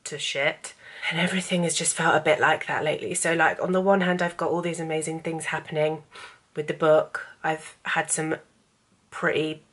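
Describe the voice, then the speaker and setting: A woman's voice: deep voice, fairly even intonation, moderate pace, a bit bright. A woman in her thirties talking candidly to camera in a casual vlog, getting tearful and emotional as she rambles. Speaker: vlogger and author.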